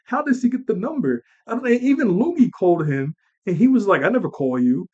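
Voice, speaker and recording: A young man casually recapping a movie he watched as a kid, rambling, animated and laughing as he acts out lines. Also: on the high side, fairly quick, lo-fi sound. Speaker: movie reviewer.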